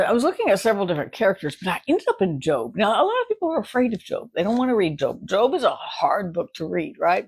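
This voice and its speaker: Chatty woman with a gravelly voice. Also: on the low side, darkish tone, dry recording. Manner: chatty and rambling, laughs often, keeps asking "right?". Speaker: Bible study teacher. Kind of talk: casual morning devotional talk.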